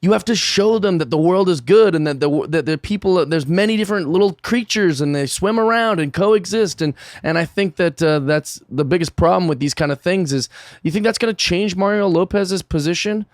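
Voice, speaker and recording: An American man with a higher-pitched voice chats on a podcast and tells his stories with excitable energy. His sound is dry and close, with no room behind it. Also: fairly quick, dry recording. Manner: animated, storytelling, excitable laughs. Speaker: guest comedian. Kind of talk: casual podcast chat.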